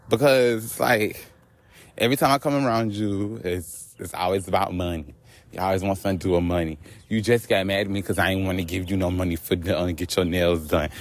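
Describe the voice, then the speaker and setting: A man vlogging outdoors on a walk, telling a story in an animated, profane rant. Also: low-pitched. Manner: animated, profane, laughing asides.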